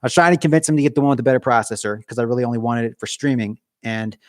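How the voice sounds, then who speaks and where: A man's voice: medium pitch, racing, no room sound, clean studio sound. A man chatting on a casual livestream from his cold garage, rambling and joking at his own expense. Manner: rambling, jokey, self-mocking. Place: home garage.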